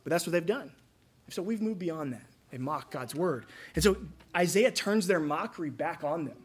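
A man's voice: on the high side, expressive, moderate pace, slightly rough. A man preaching a sermon in a conversational way, acting out the voices he quotes. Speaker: pastor.

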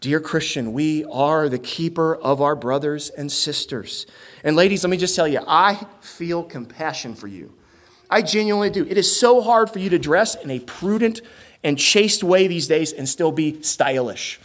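A young male pastor preaching a sermon in an earnest, emphatic way. His voice sits a little higher than most men's, and he leans into rhetorical questions and pointed rising stresses. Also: lively intonation, moderate pace.

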